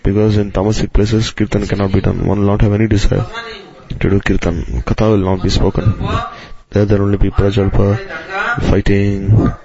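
A man gives a devotional sermon in a very low, gravelly voice. He speaks in a measured way and weaves in Sanskrit terms. The recording sounds a little dull and lo-fi. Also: little pitch movement, crowd noise. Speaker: preacher.

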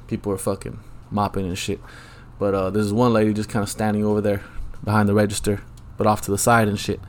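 A man's voice: on the low side, completely flat delivery, fast. A man hosting a solo podcast, rambling through a profane, crude rant with lots of ums and asides. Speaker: podcast host.

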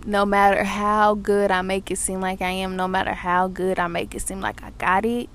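Animated, profane young woman telling a story. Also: medium pitch, normal speed. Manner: profane, animated retelling of her day. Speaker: podcast host. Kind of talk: casual storytelling monologue.

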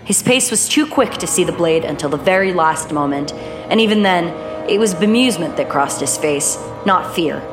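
A woman narrating a horror audiobook in a measured, even reading voice. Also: fairly low pitch, over music.

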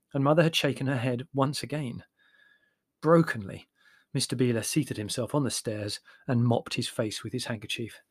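Man, audiobook narrator, wry expressive memoir reading, dry studio sound. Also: mid-range voice, no room sound.

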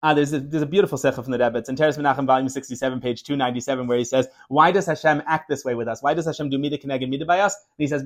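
A man teaching an informal class on Chassidus, telling stories in a quick, animated way many restarts. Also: a little high.

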